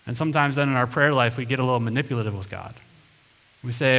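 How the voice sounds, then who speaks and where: A man's voice: mid-range voice, quick pace, fairly bright tone. Pastor, male, mid-range voice, earnest emphatic sermon delivery with punchy quoted lines, preaching in a church. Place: church sanctuary.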